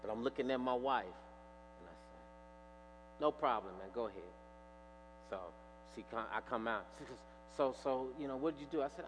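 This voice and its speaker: A man's voice: mid-range voice, normal speed, pauses often, soft background music. A man preaching a sermon, telling stories and acting out the dialogue with animation. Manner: animated storyteller, acts out dialogue. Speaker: pastor. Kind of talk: sermon with storytelling. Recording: reverberant hall with faint mains hum.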